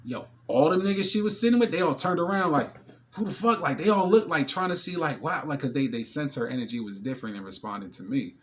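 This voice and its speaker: A man's voice: mid-range voice, quick pace, few pauses, a little hiss or hum. A man, telling stories in a casual, slangy vlog monologue with many fillers, often acting out other people's voices. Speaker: vlogger.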